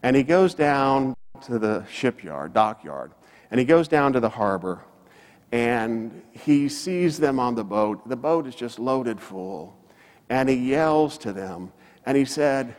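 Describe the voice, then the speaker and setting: Man, pastor, sermon, animated storytelling delivery, mid-pitched voice, long church-hall reverb. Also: unhurried. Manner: storytelling preacher, rises and falls for emphasis.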